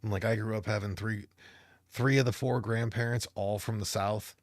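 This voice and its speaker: A man co-hosting a casual podcast chat, telling animated stories and mimicking accents. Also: lowish voice, moderate pace, no echo, clean studio sound. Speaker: podcast co-host.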